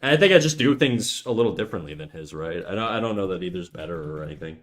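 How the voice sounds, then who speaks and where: A man's voice: deep voice, animated, fast talker. Laid-back swearing streamer guy. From Canada. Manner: laid-back, swears freely, thinks aloud with fillers. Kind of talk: casual live-stream chat.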